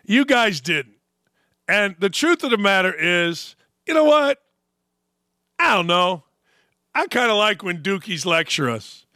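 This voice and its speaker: A man hosting a sports talk show, ranting with sarcasm and animated swings. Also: high voice, unhurried, pauses often, no echo, studio quality.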